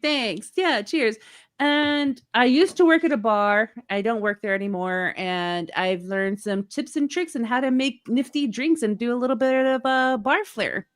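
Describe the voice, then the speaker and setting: A woman's voice: on the high side, measured pace. A woman chatting as a guest on a livestream, rambling and teasing, often laughing as she tells a joke. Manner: rambling, teasing, laughs while telling jokes. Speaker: guest streamer. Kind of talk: casual chat on a livestream.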